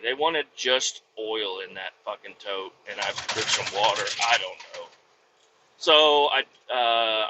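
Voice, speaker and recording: Swearing man with a very bright voice. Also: on the high side, a little hiss or hum. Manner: rambling, heavy swearing. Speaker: podcast host, vacuum truck operator. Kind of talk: casual storytelling monologue. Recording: dull lo-fi sound with faint ambience.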